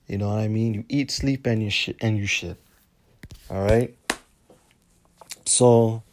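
A man with a lowish, darkish voice hosts his own podcast in a casual, drowsy, laid-back monologue. Tired and yawning, he swears a lot and keeps tacking "man" onto his sentences.

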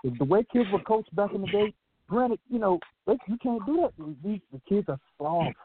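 A man's voice: sits high, lively intonation, moderate pace. A man talking casually about sports, rambling and repeating himself with many fillers. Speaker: podcast co-host. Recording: tinny phone-like line, faint noise.

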